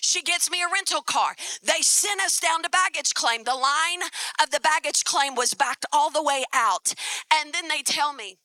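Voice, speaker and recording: Middle-aged woman preaching at a conference, super bright, dry close mic. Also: high-pitched, normal speed, no room sound. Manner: animated storytelling, calls to the crowd. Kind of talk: sermon. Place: conference stage.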